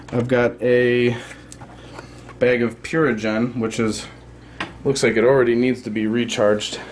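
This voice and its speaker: A man's voice: mid-range voice, background noise. Man rambling through a hands-on demo. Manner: rambling, lots of fillers and self-corrections. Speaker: product reviewer. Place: at home beside a fish tank. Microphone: handheld phone.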